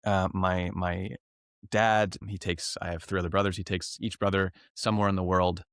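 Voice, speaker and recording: Man, low voice, casual storytelling, laughs often, lots of ums, dry close sound. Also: flat delivery, moderate pace, a bit bright, clean tone, dry recording. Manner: rambling, laughs often, many fillers and restarts. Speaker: professional clown and teacher, guest.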